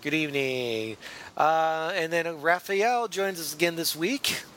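A man's voice: on the high side, a little slow, a bit bright. A man hosting a casual comedy podcast, joking and self-mocking, with a put-on radio-announcer delivery. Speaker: podcast host.

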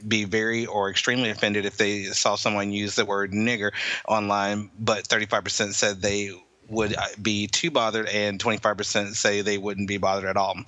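A man with a bright, forward voice and a slightly low pitch reads a news item for a podcast, stumbling through fillers. The sound is close and dry. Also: level tone, moderate pace, dry recording, low-quality recording. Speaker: podcast co-host. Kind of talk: casual chat, reading news.

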